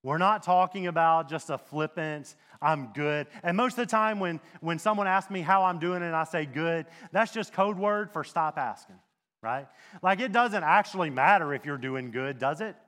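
A man preaching a sermon as a pastor, talking in a conversational, animated way with rhetorical questions and asides. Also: fairly high pitch, normal speed, long reverb tail.

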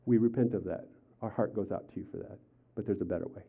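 An older male pastor delivers a sermon, swinging from loud, acted-out quotes to quiet, earnest appeals. The sound is thin and tinny, like a phone line. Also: fairly low pitch, quick pace, creaky, slightly rough. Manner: animated storytelling, acts out quotes with raised voice. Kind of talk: sermon with personal stories.

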